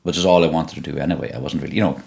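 A middle-aged Irish man with a Donegal accent, telling stories in an interview in a relaxed way, often repeating and restarting words. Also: very deep voice, rapid-fire, vocal fry. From Ireland (Donegal). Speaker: musician guest. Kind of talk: conversational interview.

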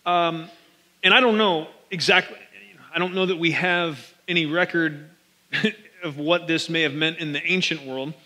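A man's voice: fairly high pitch, steady tone, moderate pace, bright, forceful tone. A man pastor giving a casual, joking sermon, talking straight to his congregation from a stage microphone. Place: large church hall. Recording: long reverb of a large hall.

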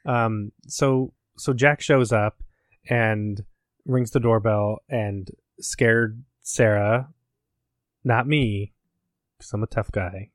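A man's voice: lowish voice, fairly even intonation, slow, no room sound. Rambling, swearing man, dry sound. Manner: rambling, profane, self-mocking. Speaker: podcast host, academic. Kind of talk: casual chat recapping a game.

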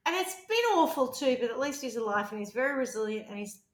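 A woman's voice: a little high, lively intonation, fast talker. A woman chatting casually in an apartment, rambling through her thoughts and swearing freely. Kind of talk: casual chat. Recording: roomy echo.

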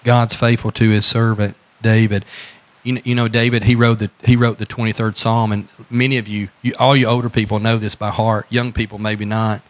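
A man's voice: on the low side, little pitch movement, brisk. A man with a Southern American accent preaching a sermon as pastor, repeating phrases and asking the congregation questions.

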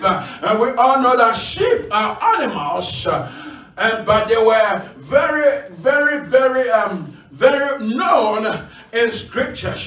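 A man preaching in a church with a very high, lively voice that swoops up and down. He talks slowly and emphatically, often pausing on filler sounds. He is recorded from a distance, so the room echoes around him. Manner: emphatic, with frequent fillers and call-and-response. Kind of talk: sermon.

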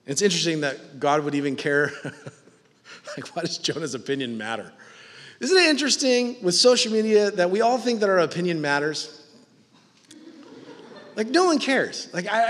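A man preaching a sermon, animated and mocking in his asides, acting out the voices he quotes. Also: sits high, big-room sound. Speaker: pastor.

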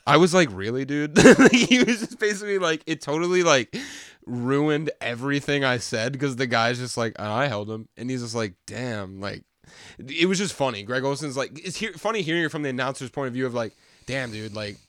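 A young man co-hosting a podcast in casual chat, animated and swearing, slipping into quoted voices. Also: mid-range voice, fairly quick, dry recording, clean studio sound. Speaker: podcast co-host.

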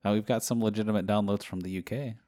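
A man co-hosting a podcast, talking in a wry, measured and slightly cautious way in casual chat. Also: fairly low pitch, fairly even intonation, mellow. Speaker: podcast co-host.

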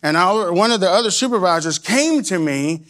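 A man's voice: high-pitched, lively intonation, moderate pace, fairly bright tone. A man from Arkansas, telling a personal story in a rambling way with many restarts. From Arkansas, USA. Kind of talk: personal anecdote.

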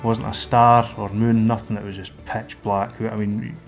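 A middle-aged Scottish man, a lifeboat volunteer, recounting a rescue in a plain-spoken, halting way. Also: on the low side, faint music behind. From Scotland. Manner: plain-spoken, hesitant with fillers, animated when acting out scenes.

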